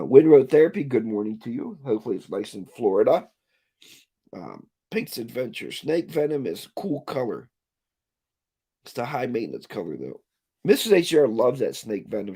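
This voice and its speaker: A man's voice: medium pitch, gravelly, dark tone, husky. A man hosting a casual livestream, ranting and reading viewer comments aloud. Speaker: livestream host.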